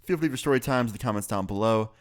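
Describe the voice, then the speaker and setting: Young dude chatting to his channel, smooth clean voice, laid back and jokey. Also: fairly low pitch, rapid-fire. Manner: chatty, joking, signs off to viewers. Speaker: YouTuber telling a story. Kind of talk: casual story-time vlog.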